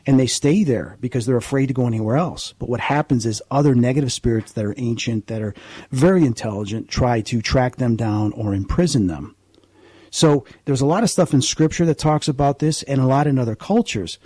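A man's voice: mid-range voice, brisk, warm tone, breathy edge, no echo. A man who investigates the paranormal, a guest on a radio interview, explaining at length in an earnest, rambling way with frequent restarts.

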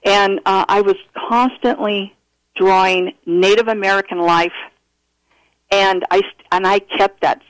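A man calling in to tell a personal story, earnest and animated, often restarting his sentences. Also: high-pitched, a little slow, no room sound, poor audio. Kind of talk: casual storytelling interview.

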